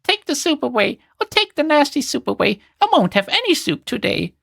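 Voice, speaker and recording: Lady putting on a high whiny little brat screaming about soup, storybook voice, swings all over. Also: very animated, fairly quick, creaky, fairly bright tone, no room sound, studio quality, full character voice. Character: shrill spoiled little boy refusing soup.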